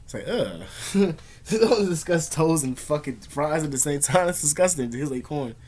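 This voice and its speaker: A man's voice: fairly high pitch, lively intonation, moderate pace, a little mellow. A man ranting casually to camera in rambling, profane slang. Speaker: vlogger.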